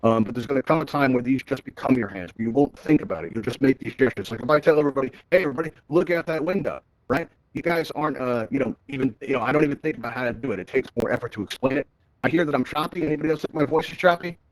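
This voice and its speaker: Man, virtual-reality tutorial host, rapid delivery, dry close sound, upbeat, chatty, headset mic. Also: mid-range voice, no room sound, poor audio. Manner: chatty, upbeat, keeps asking "right?". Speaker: VR event host.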